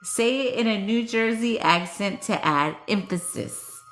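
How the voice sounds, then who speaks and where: A woman's voice: medium pitch, a little slow, fairly bright tone. A young woman chatting casually with her viewers, playful, swearing freely and laughing often. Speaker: vlogger reading cards and chatting with viewers. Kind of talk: casual chat.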